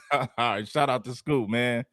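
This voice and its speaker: A man's voice: medium pitch, measured pace, a bit bright, no echo, clean studio sound. A man hosting a casual talk stream, retelling another creator's claims with sarcasm. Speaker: host. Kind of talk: casual commentary chat.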